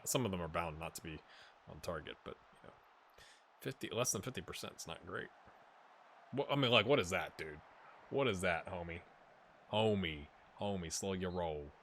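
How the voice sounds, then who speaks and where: A man with a lowish but very bright, forceful voice, commentating on a football management game for his channel. He chats casually and slangily to the players on screen. He swings between loud excited cheering and muttered asides. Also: slight background noise. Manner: excitable, talks to players in the game, loud outbursts when goals come; slangy and joking, trails off into mumbles. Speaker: gaming channel host. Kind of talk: let's-play game commentary.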